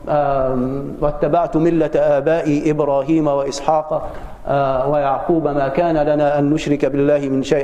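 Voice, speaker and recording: In a hall with long, roomy reverb, a man lectures on parenting as a religious teacher, earnest and conversational, weaving in personal stories for the audience. His voice is mellow and a little high.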